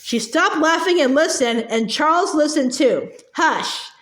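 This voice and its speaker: A woman's voice: sits high, animated, a little slow, a bit bright. A woman reading a novel aloud earnestly, with stumbles and repeats. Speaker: audiobook reader. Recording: roomy echo.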